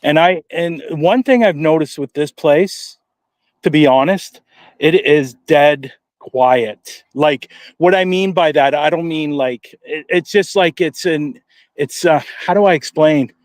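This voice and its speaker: A man reports from a quiet cemetery during a live paranormal investigation. He stumbles through his thoughts with ums and restarts and slips in dry sarcasm. His voice sits a touch high and sounds close and dry. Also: a little slow, dry recording. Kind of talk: casual live-stream chat. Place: outdoors at a cemetery at night.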